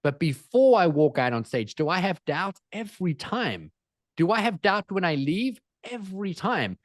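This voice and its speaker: A man speaking as a guest in an interview, energetic and emphatic, driving points home with repetition. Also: high voice, moderate pace, dry recording, clean studio sound. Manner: energetic, emphatic, repeats phrases for effect. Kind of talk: animated interview storytelling.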